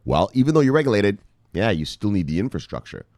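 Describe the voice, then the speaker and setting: Host: man, low voice, very lively swings in pitch, dry close sound; casual livestream shout-outs, swears freely. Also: fast, no echo. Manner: animated, swears freely, shouts "bang" at each name. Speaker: crypto news show host. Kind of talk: casual live-stream chat reading viewer comments.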